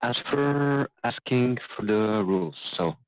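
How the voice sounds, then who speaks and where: On a lo-fi recording, a man with a medium-pitched, lively voice narrates as game master for a tabletop game. His narration is halting, and he stops now and then to correct himself.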